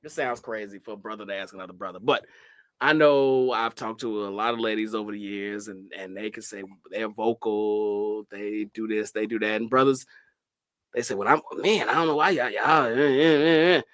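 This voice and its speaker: A man's voice: on the low side, normal speed, a bit bright, no echo. A man hosting a casual podcast chat, asking long rambling questions and laughing often. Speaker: podcast host.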